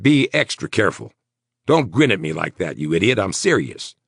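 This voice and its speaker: Nervous male mayor, done by a man, raised gravelly voice, insistent rapid fire. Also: low-pitched, big pitch swings, no echo, studio quality, pitched above the performer's own voice, heavily acted. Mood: worried. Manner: tense, clipped, insistent. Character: nervous sweating middle-aged male mayor.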